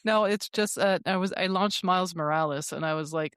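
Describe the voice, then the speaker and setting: A woman with a fairly low voice is co-hosting a casual podcast. She tells stories in a chatty, animated way, full of ums and asides. Her voice is close and dry, with no room sound. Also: normal speed, few pauses, clean tone, dry recording. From French Canada. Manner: chatty and animated, with many fillers. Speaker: podcast co-host.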